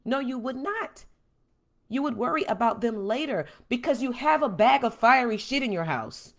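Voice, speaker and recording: A woman hosting a podcast, giving a blunt, emphatic, preachy monologue that swings from calm to loud. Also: fairly high pitch, normal speed. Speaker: podcast host. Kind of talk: impassioned monologue.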